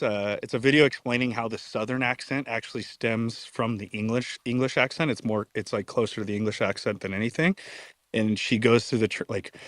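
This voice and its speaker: A man hosting a casual live audio chat, excitable and slangy, laughing often. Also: medium pitch, no echo. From United States. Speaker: host.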